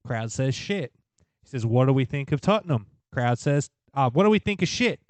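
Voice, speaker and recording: A man co-hosting a casual sports podcast, telling animated anecdotes and acting out crowd chants. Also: medium pitch, normal speed, dry recording. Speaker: podcast co-host.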